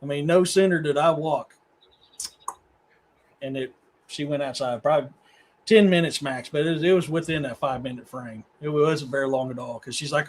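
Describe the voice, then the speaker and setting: A man's voice: a little high, normal speed, a little hiss or hum. A middle-aged man from Missouri, a podcast guest who tells long rambling stories in casual chat. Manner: rambling storyteller, talks to his dogs mid-sentence.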